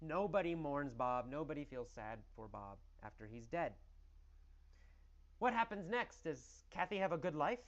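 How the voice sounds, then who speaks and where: A man teaching English through a story, asking questions and answering them in an animated, exaggerated way. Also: fairly high pitch, normal speed, dull audio.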